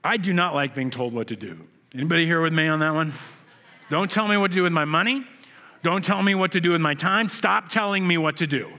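A young adult man preaching a sermon, telling stories and acting out quoted voices with big jumps in pitch. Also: fairly quick, bright, forceful tone. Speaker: pastor. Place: church sanctuary.

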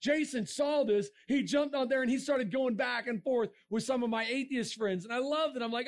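A man giving an energetic sermon to young people, dramatic and storytelling, bursting into shouts and sound effects. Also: very high voice, normal speed. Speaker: speaker addressing young people. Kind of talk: animated sermon talk.

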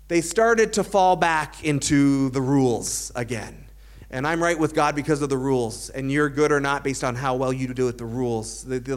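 High-voiced man preaching a sermon. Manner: dry self-aware humor. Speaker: pastor.

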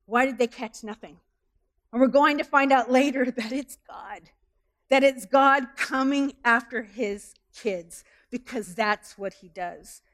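Animated woman preaching a sermon. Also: on the high side, unhurried. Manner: animated, asks the congregation many questions. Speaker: pastor.

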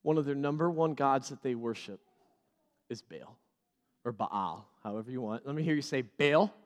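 A male pastor preaching a sermon, animated and repeating key phrases for emphasis. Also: medium pitch, quick pace, in a large hall.

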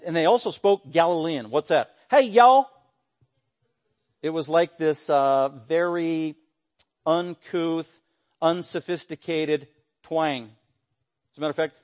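A man preaching an expository sermon, animated and emphatic, with bursts of raised voice, sometimes mimicking voices for quoted lines. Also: fairly high pitch, moderate pace. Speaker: pastor.

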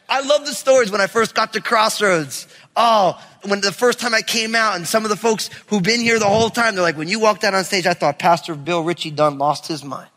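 A man from New York preaching a sermon as pastor, animated and conversational, acting out stories. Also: high voice, long reverb tail. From New York area. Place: church sanctuary.

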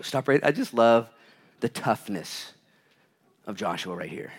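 Brief: male pastor, sermon delivery, very lively pitch, loud then hushed. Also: unhurried, pauses often, husky. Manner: animated, swings from loud to hushed; reads scripture aloud.

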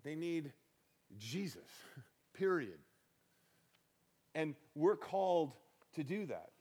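A man's voice: fairly high pitch, sing-song, slow pace, a little mellow, slightly rough. A man pastor preaching a conversational sermon, folksy and emphatic, swelling on key points and chuckling between them.

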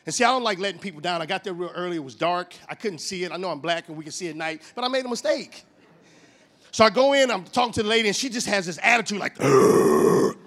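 Middle-aged male preacher, high voice, comic animated storyteller. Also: fast. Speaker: motivational church speaker. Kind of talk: comic sermon.

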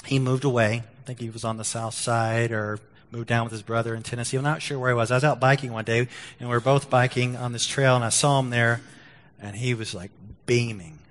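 A man preaching as a pastor, with a voice of middle pitch. He tells his story with stumbling restarts and puts on lively voices for the people he quotes. The sound rings with the long reverb of a church hall. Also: a little fast. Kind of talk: sermon with story and prayer. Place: church sanctuary.

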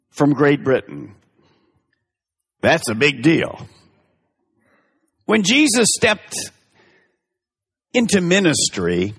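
Male pastor, sermon delivery, lively swooping pitch, long hall reverb. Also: slightly rough. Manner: emphatic, drawn-out stresses with big pitch swings.

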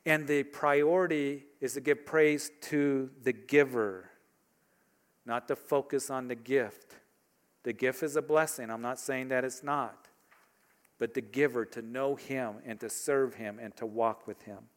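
A pastor delivering a sermon in a man's mid-pitched voice. He talks to his congregation in a relaxed, conversational way and often throws them rhetorical questions. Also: unhurried.

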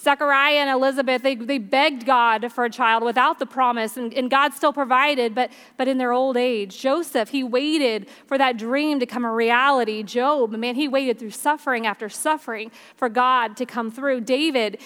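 A woman's voice: sits high, normal speed, few pauses, fairly bright tone, smooth. A woman preaching a sermon at a church service in an earnest, conversational way.

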